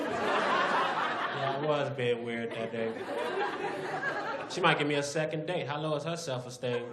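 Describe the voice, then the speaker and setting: A male stand-up comedian in a comedy club, animated as he acts out characters. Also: medium pitch, moderate pace, pauses often. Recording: echoey club, loud crowd noise.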